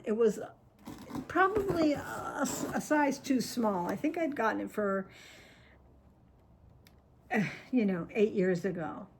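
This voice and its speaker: A woman vlogger opening fan mail on camera, gushing and excitable, chatting to her viewers and her cat and trailing off mid-sentence. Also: a little high. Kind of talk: casual chat to camera.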